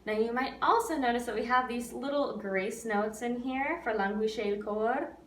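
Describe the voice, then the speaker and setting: A woman's voice: fairly high pitch, normal speed, music in the background. A woman who is an opera pianist teaches an online singing lesson, coaching patiently and counting students in. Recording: roomy, distant mic with faint background noise.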